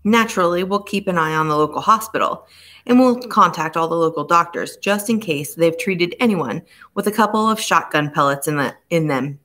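A woman's voice: fairly low pitch, fairly bright tone, lightly acted. A woman voicing a grim police inspector. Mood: placating. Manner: slow, measured and grim.

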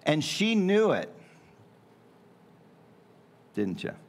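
A man's voice: fairly high pitch, wildly swooping pitch, extremely slow. A middle-aged man preaching a sermon in a church in a folksy, joking way with playful asides. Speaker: pastor. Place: church sanctuary.

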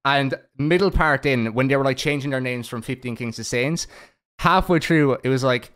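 Male podcast host, mid-range voice, profane, ranting, quick to laugh. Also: medium pitch, fairly bright tone, smooth. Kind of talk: casual podcast chat.

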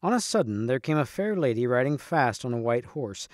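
A man reading a storybook aloud in a steady, clear narrating manner. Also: mid-range voice, brisk, no echo, studio quality. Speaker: reader.

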